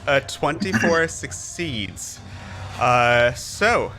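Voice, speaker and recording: A man running a tabletop game as game master, narrating in a relaxed, chatty way with many fillers. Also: medium pitch, drawn-out words, music in the background.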